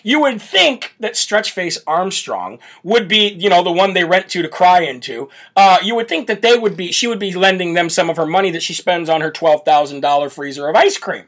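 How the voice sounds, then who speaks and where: Man, high-pitched, brash, mocking, political commentary, talk show host. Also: expressive, normal speed, a bit bright. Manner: brash, mocking, laughs often. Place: home setup with camera.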